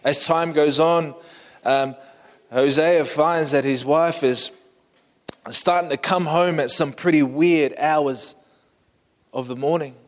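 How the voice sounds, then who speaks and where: Slow-talking preacher in an echoing hall. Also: male voice, a little high, fairly even intonation. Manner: slow, vivid, inviting the listener to imagine. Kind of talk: storytelling sermon.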